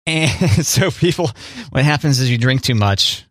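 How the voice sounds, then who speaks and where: A man's voice: mid-range voice, animated, a little slow, fairly bright tone, no echo, clean studio sound. A man co-hosting a casual chat show, easygoing and jokey, who laughs often. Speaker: co-host.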